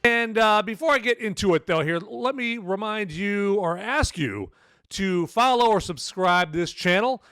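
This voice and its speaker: A man's voice: high-pitched, lively intonation, measured pace, a bit bright, clean tone, dry recording, studio quality, faint music behind. Man rambling through a casual movie review. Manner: rambling, many fillers and "okay?" tags.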